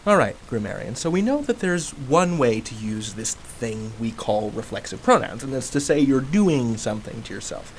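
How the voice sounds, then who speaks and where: Male video teacher, mid pitch, animated delivery, talks to "grammarians" in a relaxed way. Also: moderate pace, hardly any pauses, slight background noise, poor audio. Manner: chatty and animated, acts out example sentences. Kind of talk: casual video lesson.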